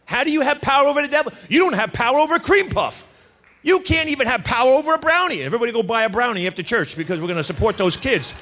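A man preaching a sermon, telling stories with acted-out quotes and a lively, punchy delivery. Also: very high voice, rapid-fire. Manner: animated storytelling with acted quotes. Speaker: pastor.

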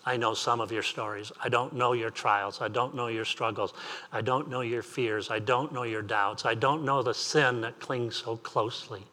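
Male pastor, bright clear voice, earnest repetitive preaching. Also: mid-range voice, fairly even intonation, normal speed. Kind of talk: sermon.

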